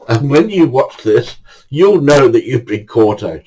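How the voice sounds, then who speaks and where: An older man spins casual anecdotes in a chatty, laugh-prone way. His pitch sits mid-range but swings around animatedly as he tells the story. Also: big pitch swings, unhurried, dark tone, a little hiss or hum, poor audio. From England. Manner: chatty, laughs often while telling stories.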